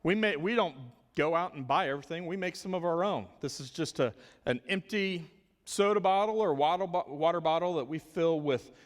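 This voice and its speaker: A man's voice: on the high side, a little fast. A man giving a volunteer training talk for a church special needs ministry, earnest and often repeating words as he thinks. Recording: long hall reverb.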